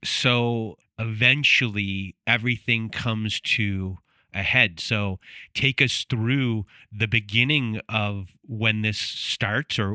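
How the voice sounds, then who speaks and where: A man hosting an interview show, asking questions in a hesitant, measured way and giving a trigger warning to listeners. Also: on the low side, sharp tone, smooth, no room sound, clean studio sound. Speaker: host.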